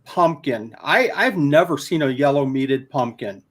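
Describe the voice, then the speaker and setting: A man's voice: medium pitch, expressive, a little slow, fairly bright tone. A man chatting casually on a livestream, rambling through his food list and a story with plenty of fillers, filming himself handheld. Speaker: guest isopod keeper. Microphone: handheld camera.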